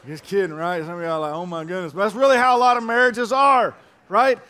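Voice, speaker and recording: A middle-aged male pastor with a notably high voice delivers his sermon. He is animated and playful, tells jokes, and drives points home by repeating them. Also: fast talker.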